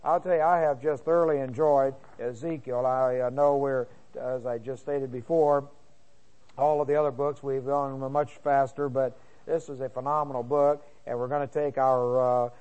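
A man's voice: medium pitch, little pitch movement, moderate pace, darkish tone, lo-fi sound. Man teaching the Bible verse by verse. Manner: reads scripture aloud and breaks in with comments; frequent fillers and restarts. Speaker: pastor.

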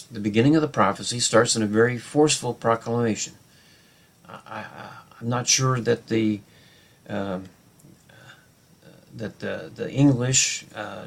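Lower-voiced man teaching a Bible study. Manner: unscripted, with many fillers and restarts; explains Hebrew grammar and reads scripture aloud.

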